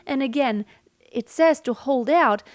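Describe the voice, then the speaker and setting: Over loud music, a female voice teacher walks through vocal technique in an earnest, instructive manner and sings examples in between. She speaks at a measured pace in a high-pitched voice.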